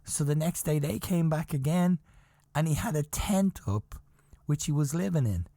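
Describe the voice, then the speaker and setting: A man's voice: on the high side, moderate pace, dry recording, studio quality. Chuckling man telling a wild story. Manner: animated, chuckling, swears, keeps insisting the tale is true. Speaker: podcast host. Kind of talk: casual storytelling.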